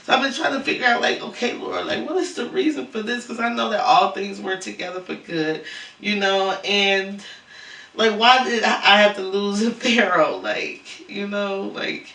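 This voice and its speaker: A man vlogging in a grieving, halting way, stammering and repeating words, all cried out. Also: sits high, animated, sharp tone. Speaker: lifestyle vlogger. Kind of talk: emotional vlog monologue. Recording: roomy echo, far from mic.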